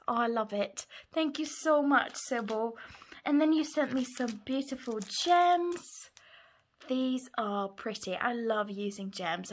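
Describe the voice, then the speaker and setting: Twenties crafter girl, slow-talking, gushy and thankful, casual unboxing chat. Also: on the high side. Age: 20s. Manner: gushing, excitable, thankful. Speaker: crafting channel host.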